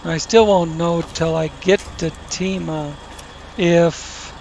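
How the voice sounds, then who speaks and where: Man, gaming host, unhurried rambling commentary, slightly high voice, engine noise under him. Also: fairly even intonation, vocal fry, a little mellow. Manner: rambling, self-correcting, crude asides.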